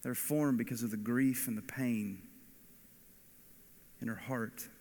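A man's voice: medium pitch, steady tone, slow, dark tone. Man preaching in a long-echoing hall. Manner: earnest, storytelling, rising to emphatic. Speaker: pastor. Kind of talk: sermon.

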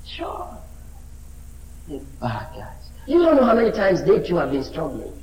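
A man preaching a sermon with fervor, swinging between shouts and low asides. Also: huge pitch swings, measured pace, echoey room, a little hiss or hum, rough recording.

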